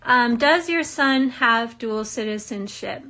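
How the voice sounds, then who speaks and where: A woman's voice: on the high side, expressive, slow pace, pushed and bright. A young woman from the US reading viewer questions aloud and answering them in a casual, chatty way, laughing often. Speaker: reality show cast member answering viewer questions. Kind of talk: casual live Q&A chat.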